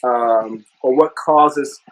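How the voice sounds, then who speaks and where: A man's voice: mid-range voice, extremely slow, fairly bright tone, rough recording. A man hosting a casual interview, friendly and affirming, who works scripture into the chat. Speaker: interview host.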